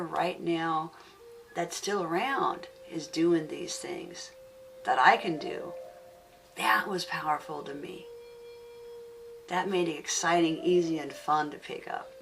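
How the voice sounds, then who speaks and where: A woman's voice: sits low, vocal fry, noisy background. A woman teaching on an audio CD, telling a story earnestly and stressing and repeating key words. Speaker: spiritual teacher. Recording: distant mic with music underneath.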